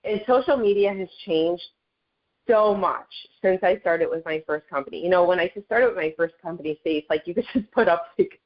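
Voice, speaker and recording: A woman with a slightly low voice gives a casual motivational talk on a group call. She is chatty and earnest and keeps turning to her listeners. The audio is dull and lo-fi, like a compressed call line. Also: normal speed. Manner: chatty and earnest, addresses listeners as "you guys". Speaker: network marketing leader sharing her story.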